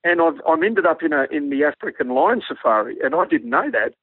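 Aussie bloke spinning a yarn, husky, dry, tinny phone line. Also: male voice, on the high side, a little fast, no echo. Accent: Australian. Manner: animated yarn-spinning, acts out quoted dialogue. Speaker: guest, former army helicopter pilot. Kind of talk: storytelling anecdote on radio.

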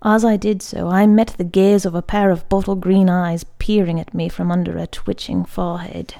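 Woman reading a short story aloud, slow and measured, kinda gravelly, warm mellow tone. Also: fairly low pitch, level tone. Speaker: audiobook reader. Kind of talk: scripted narration of a literary short story.

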